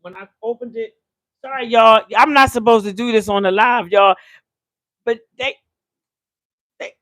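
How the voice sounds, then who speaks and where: A slightly high, fairly bright voice with fairly even intonation and a measured pace belongs to an older woman streaming live from her home kitchen, with no echo. She cooks and chats casually, a slangy storyteller prone to frequent laughter.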